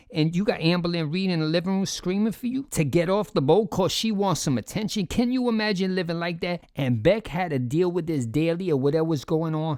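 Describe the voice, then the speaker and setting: A man's voice: on the high side, no room sound, clean studio sound. A man giving casual reaction commentary, emphatic and repetitive, talking straight to his audience.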